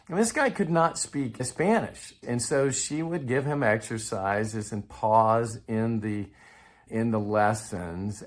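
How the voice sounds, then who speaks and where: A man from Texas, explaining language-learning methods in a casual, conversational way to his viewers. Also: fairly low pitch. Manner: conversational, with restarts and chuckles. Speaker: Spanish learning coach. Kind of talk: casual explanatory talk to camera.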